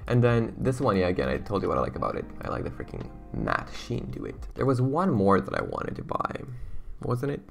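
A young man talks over his gameplay in a low, gravelly voice, rambling and gushing in loose slang. He sounds like a casual gaming channel host, with faint music under him. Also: huge pitch swings, fairly quick. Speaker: gaming YouTuber.

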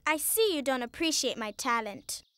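A woman's voice: high voice, expressive, moderate pace, clean tone. A woman voicing a vain, cheerful female cow in a dubbed cartoon, proud of her off-key singing. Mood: smug. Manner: proud, self-assured, breaks into loud opera singing. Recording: children's music under the voice. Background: children's music.

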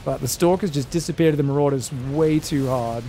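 A man casting a live esports match, excitable and joking, shouting out at big plays. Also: a little high, fairly quick, slight background noise. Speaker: esports caster. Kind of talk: live game commentary.

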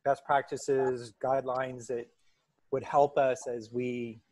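Male student, halting thoughtful asker, dry close sound. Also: mid-range voice, little pitch movement, a little mellow, no room sound. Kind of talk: asking a question in an online class.

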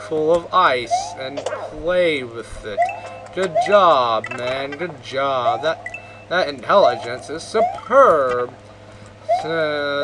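A man's voice: on the high side, poor audio. Sarcastic man rambling over a game. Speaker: gameplay commentator. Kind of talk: let's play commentary. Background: game music.

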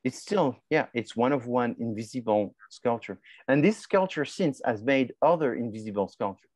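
Male professor, lecture, mid-pitched voice, conversational, dry close sound. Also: expressive, moderate pace, darkish tone, no room sound. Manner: conversational, repeats and restarts phrases, asks and answers his own questions. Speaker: marketing professor. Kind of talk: classroom lecture.

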